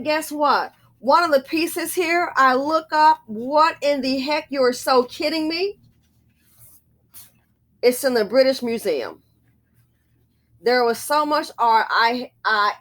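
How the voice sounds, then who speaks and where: Woman vlogger, slightly high voice, excitable rambling storyteller, casual monologue to camera.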